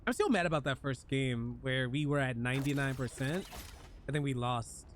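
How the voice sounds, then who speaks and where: Talking to his chat while he plays, this game streamer is animated and joking in a casual live-stream style. His voice sits in the mid-range at a moderate pace, with a bit of hiss or hum.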